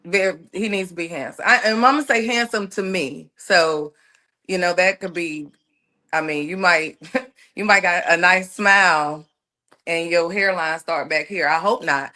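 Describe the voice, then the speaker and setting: A woman in her thirties answering dating questions slowly and hesitantly, thinking aloud. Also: fairly low pitch, sharp tone. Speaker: interviewee on a dating show clip.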